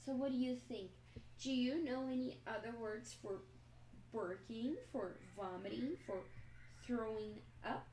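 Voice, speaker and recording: Woman teacher, unhurried explanatory delivery, echoey room with faint noise. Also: on the high side, warm tone. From Brazil. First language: Portuguese. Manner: slow, explanatory, checks in with "okay?". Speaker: English teacher. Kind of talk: live-stream language lesson.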